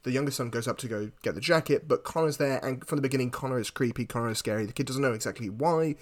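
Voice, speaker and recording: A man talks through a film's plot in a loose, chatty way, often restarting his sentences. His voice sits at an everyday middle pitch. The recording is dry and close, with no room sound. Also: fast talker, no room sound. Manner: retells plot at length with many restarts. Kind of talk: casual film discussion.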